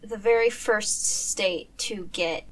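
A woman, a guest on a podcast, chatting casually and pausing to search for words. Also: mid-range voice, recorded from a distance. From United States.

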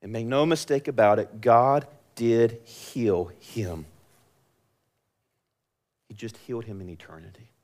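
A young man preaching a sermon, moving between quiet, drawn-out, intimate lines and loud, impassioned passages. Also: mid-range voice. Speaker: pastor.

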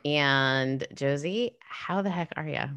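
Low-voiced, chatty woman podcast co-host. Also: slow, fairly bright tone, smooth, no room sound, studio quality. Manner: chatty, laughs often, restarts mid-sentence. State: tired. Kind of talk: casual chat.

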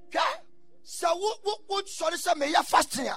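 High-pitched shouting preacher. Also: male voice, normal speed, soft background music. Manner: preaching with sudden shouted bursts. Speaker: pastor. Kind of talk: sermon.

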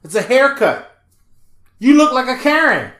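High bright-voiced dude on a podcast, swearing and joking, roomy echo. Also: male voice, normal speed. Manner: animated, profane, laughing storyteller. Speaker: podcast co-host. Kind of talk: casual chat.

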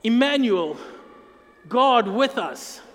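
A man's voice: very high voice, expressive, slow pace. A man preaching a sermon as pastor, earnest and emphatic, drawing out key phrases. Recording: long hall reverb.

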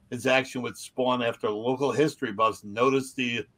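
Guy cohosting a comedy podcast, bright tone, tells stories, laughs a lot. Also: mid-range voice, fairly even intonation, moderate pace, hardly any pauses. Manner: storytelling, laughs often. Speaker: podcast co-host. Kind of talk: casual chat.

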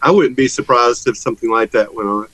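A man's voice: medium pitch, fairly even intonation, fairly quick, fairly bright tone, no room sound, low-quality recording. A man from Georgia, a band musician, chatting casually in an interview and joking with frequent laughs. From Georgia, USA.

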